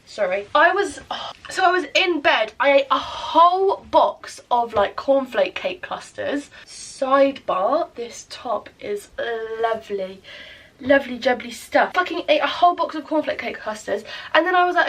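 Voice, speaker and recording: A young woman tells a rambling, self-deprecating story of her day in a casual vlog, swearing freely. Her voice sits high. She sounds a little away from the camera mic in a room at home. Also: lively intonation, moderate pace, a bit bright, far from the mic. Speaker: vlogger. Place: at home, indoors.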